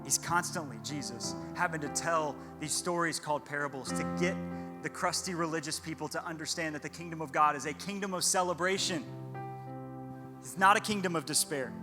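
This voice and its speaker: A young male pastor delivers a sermon with an earnest, heartfelt manner, doubling back on phrases to drive them home. His voice sits a touch high and rings out with the long reverb of a large hall. Clear music plays underneath. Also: brisk. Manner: earnest, repeats himself for emphasis. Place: church hall.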